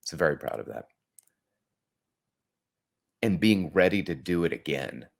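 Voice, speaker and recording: Male podcast host, slightly low voice, earnest reflective storyteller, conversational. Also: unhurried, gravelly. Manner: earnest, conversational, animated when quoting.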